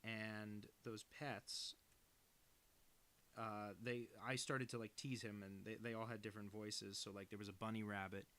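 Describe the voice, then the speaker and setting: Rambling young man with a lowish voice. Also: flat delivery, moderate pace, a bit bright, clear, resonant tone. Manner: rambling, self-deprecating. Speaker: cartoonist streaming. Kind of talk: casual chat while drawing.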